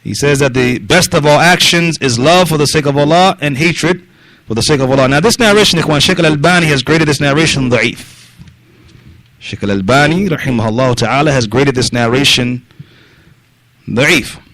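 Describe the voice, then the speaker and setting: A man teaching a mosque lesson, mixing Arabic phrases into his English, pausing on fillers like yani, and directly questioning the people listening. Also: on the high side, a bit bright, no echo. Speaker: religious teacher.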